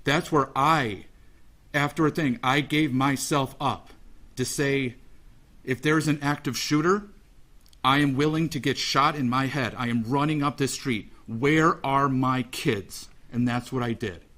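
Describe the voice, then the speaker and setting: A father giving an emotional, halting victim statement in a courtroom, repeating phrases as he speaks. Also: mid-range voice, sharp tone.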